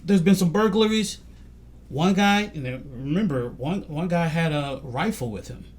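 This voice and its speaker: A man's voice: on the high side, lively intonation, moderate pace, a little mellow. A man talking casually on a podcast, telling a story with energy and dropping his voice to quote others. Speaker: podcast host. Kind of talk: casual conversation.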